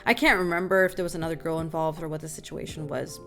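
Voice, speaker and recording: Young woman, talk show host, casual storytelling, lively delivery, slightly low voice, faint music underneath. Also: fast talker. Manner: animated storytelling, addresses listeners as "y'all". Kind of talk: casual group discussion.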